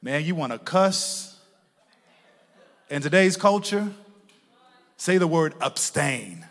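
A male pastor preaching a sermon to his congregation, moving from hushed asides to loud shouted peaks, with playful laughing remarks. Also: on the high side, lively intonation, slow pace, gravelly, long pauses. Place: church sanctuary with a congregation. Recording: long reverb of a large church hall.

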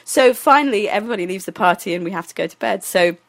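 A woman's voice: medium pitch, animated, quick pace, no room sound. A young woman telling a personal story, laughing often mid-sentence and acting out her own past lines.

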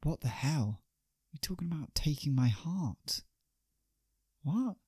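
A man's voice: expressive, slow, husky, no echo, studio quality, heavily acted. A man doing a fed-up young actor. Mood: incredulous. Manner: blunt, incredulous, rising to high exasperated yells. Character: young male actor, tipsy, blunt and fed up.

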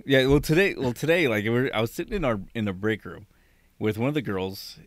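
A man's voice: mid-range voice, a little fast, no echo. Guy swearing his way through a break room story, voice jumps all over, dry close sound. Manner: animated, profane storytelling with quoted dialogue. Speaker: storyteller in casual chat. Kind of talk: casual chat.

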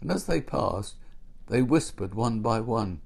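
A man reads a storybook aloud in a gentle, unhurried way. His voice is fairly low and has a gravelly texture. He takes his time over every sentence. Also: lively intonation. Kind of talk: storybook narration.

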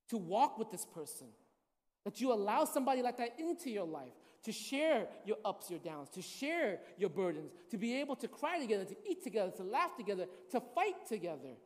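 A woman's voice: fairly high pitch, a little mellow. A woman pastor giving a casual, storytelling sermon, often checking in with the congregation. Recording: long hall reverb.

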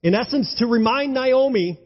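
A male pastor preaching an enthusiastic sermon, swinging between loud exclamations and hushed tones. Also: extremely high pitch, moderate pace, breathy edge. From United States. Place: church sanctuary. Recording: dull, lo-fi sound in a reverberant hall.

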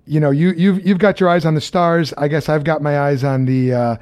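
Man, interview host, somewhat high voice, halting, lots of fillers, video call. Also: fairly even intonation, a little mellow. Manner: halting, many fillers and restarts. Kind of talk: casual interview conversation.

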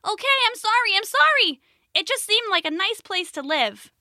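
A woman voicing a tiny, timid male caterpillar in a storybook, talking in a squeaky, apologetic way. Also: sing-song, moderate pace, sharp tone, no room sound, clean studio sound, exaggerated voice. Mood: sheepish.

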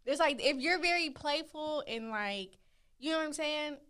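A woman's voice: sits high, expressive, normal speed, a bit bright. A woman co-hosting a podcast in casual chat, easygoing and filler-heavy as she explains her views. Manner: easygoing, lots of fillers like "you know what I'm saying". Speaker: podcast co-host.

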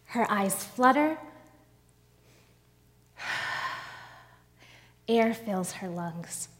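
Slow-paced woman preacher. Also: medium pitch, big-room sound. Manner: slow, dramatic storytelling with pauses. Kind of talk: sermon.

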